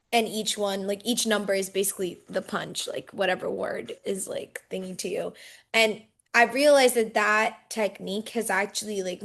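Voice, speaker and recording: A young woman who does stand-up speaks as a podcast guest. She is chatty and laughs easily, and she fills her sentences with "like" as she talks through her craft. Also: mid-range voice. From India. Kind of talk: casual chat.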